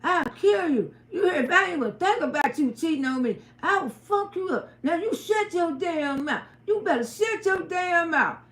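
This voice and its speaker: A woman's voice: extremely high pitch, animated, normal speed, few pauses, fairly bright tone. A woman quoting a violent man who coarsely threatens his wife, in a roomy space. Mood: menacing. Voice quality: coarse, profane. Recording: roomy echo.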